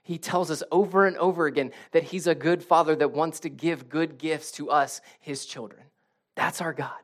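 Youngish guy pastor preaching, chatty and animated, gets quiet then loud again. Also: a little high, moderate pace. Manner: conversational and animated, with rising intensity and hushed moments. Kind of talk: sermon.

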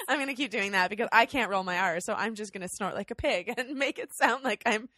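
A woman co-hosting a podcast in casual chat, self-deprecating and quick to laugh. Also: on the high side, lively intonation, sharp tone, no room sound, studio quality. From Canada. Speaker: podcast co-host.

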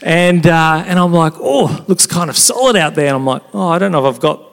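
A man with a somewhat high voice delivers a conversational sermon. He tells stories with energy and animation. His voice rings out with a long reverb, as if in a large church hall. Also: brisk, creaky. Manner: animated storytelling, conversational preaching. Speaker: pastor.

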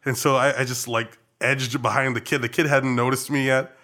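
A young man from Trinidad and Tobago, speaking with a Trinidadian accent in a brisk, mid-range voice, co-hosts a casual podcast chat. He tells stories in an animated, playful way.

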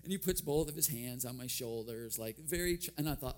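A man's voice: medium pitch, lively intonation, moderate pace. A man preaching a sermon, telling personal stories with a self-deprecating, humorous touch and frequent chuckles. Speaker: guest preacher.

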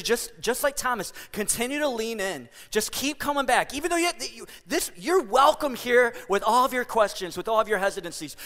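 High, bright-voiced conversational pastor. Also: male voice, long reverb tail. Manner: conversational, animated storytelling. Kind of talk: sermon. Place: church.

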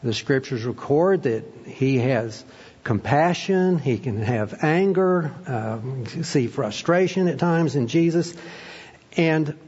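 A man's voice: medium pitch, slow pace, breathy edge. Pastor, male, sermon delivery with fillers; slightly dull recording with long hall reverb. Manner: prayerful then animated storytelling, frequent fillers.

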